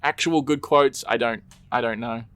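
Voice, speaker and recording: A man's voice: medium pitch, normal speed, a bit bright. A young man co-hosting a casual podcast chat, rambling with lots of ums and quoted movie lines. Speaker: podcast co-host.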